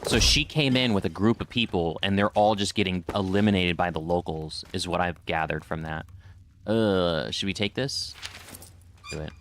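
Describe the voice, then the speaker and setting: This male gaming streamer has a low, slightly bright voice and talks at a moderate pace, with a little hiss or hum behind him. Using a desk microphone at his computer, he chats through a casual let's-play and reads in-game notes aloud.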